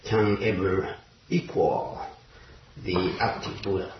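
Halting man giving a distant, roomy dharma talk. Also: deep voice, fairly even intonation, background noise. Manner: halting, many pauses and fillers, searching for words. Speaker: Zen teacher. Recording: roomy, distant, dull lo-fi recording.

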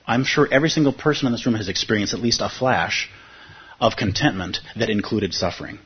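A man's voice: fairly low pitch, breathy edge, lo-fi sound. A man teaching meditation in a conversational dharma talk to a room of listeners, repeating key phrases and asking rhetorical questions. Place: room with a live audience.

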